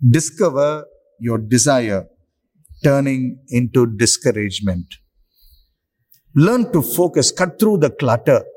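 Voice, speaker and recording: A man preaching a sermon, slow and emphatic, with long pauses for effect. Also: medium pitch, darkish tone.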